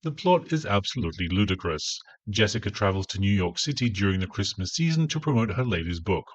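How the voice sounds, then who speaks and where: A man's voice: lowish voice, very animated, fairly quick, dry recording, highs cut off. A man reviewing an audiobook in a dry, sarcastic, scornful way. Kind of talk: spoken review.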